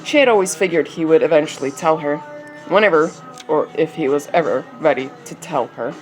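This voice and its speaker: A woman's voice: low voice, a little fast, faint music behind, poor audio. A woman reading her story aloud, narrating with chatty, self-joking asides.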